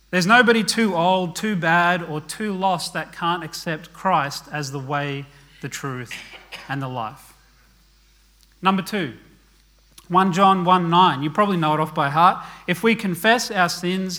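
Here a man with a slightly high, bright voice speaks with a forceful tone. His sermon is earnest and conversational, full of "okay?" asides, and his phrases trail off into a murmur.

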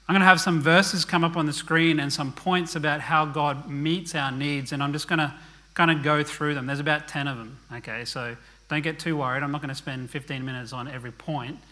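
Man, sermon, bright forceful voice, fairly high pitch, casual asides. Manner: earnest, conversational preaching with frequent "okay?" asides; drops to a quiet murmur at the ends of phrases. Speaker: preacher.

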